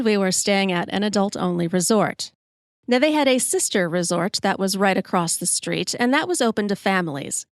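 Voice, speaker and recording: A woman in her forties hosting a solo storytelling podcast, wry, expressive and self-deprecating. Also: medium pitch, no echo, clean studio sound. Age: 40s. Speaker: podcast host.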